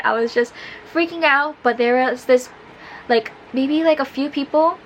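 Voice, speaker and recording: A woman's voice: sits high, normal speed, a bit bright, muffled recording, slight background noise. Chatty woman telling a story. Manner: chatty, full of fillers like "like". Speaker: vlogger. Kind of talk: casual storytelling.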